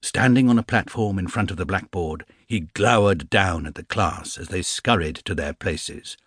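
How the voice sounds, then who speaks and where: A man reading a children's storybook aloud as an expressive audiobook narrator. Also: low-pitched, moderate pace, breathy edge, no room sound, studio quality.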